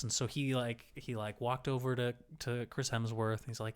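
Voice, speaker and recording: A man's voice: medium pitch, steady tone, a bit bright, smooth. A man co-hosting a casual podcast, teasing his co-host and laughing often. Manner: playful, teasing, quick to laugh.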